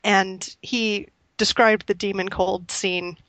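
A woman's voice: medium pitch, steady tone, takes it slowly, fairly bright tone, no room sound. A woman co-hosting a casual chat, speaking with dry, wry humor.

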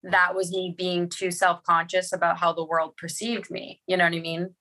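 A woman's voice: on the low side, level tone, normal speed, pushed and bright. A woman from Boston, a guest on a casual podcast, who talks in a rambling way with many filler words.

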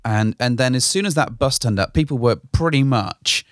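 A man's voice: medium pitch, lively intonation, moderate pace, no echo, clean studio sound. A man co-hosting a podcast, telling a story in a rambling, casual way and hedging with "sort of". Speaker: podcast co-host. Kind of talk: casual chat.

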